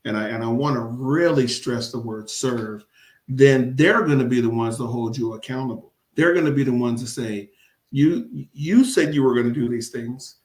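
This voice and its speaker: Speaking at a normal speed in a mid-range voice, a man running for city council chats in a casual interview. The commissioner stresses points by repeating words, laughs often, and sounds emphatic, with the room audibly echoing.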